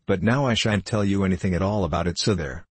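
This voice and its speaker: A man's voice: low-pitched, quick pace, slightly rough, no room sound. A man reading a storybook aloud, voicing a proud, self-important young boy. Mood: lofty. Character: proud boastful young boy leading the game.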